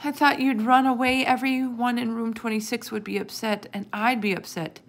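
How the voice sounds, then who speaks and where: A woman voicing an emotional young girl who wails and cries in a high, loud voice in a storybook reading. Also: animated, normal speed. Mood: wailing. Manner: tearful, wailing, high and loud.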